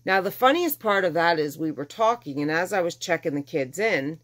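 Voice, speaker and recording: A woman's voice: lowish voice, normal speed. A middle-aged woman telling a personal story casually, animatedly acting out the people she quotes. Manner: animated, acts out quoted dialogue with exasperation.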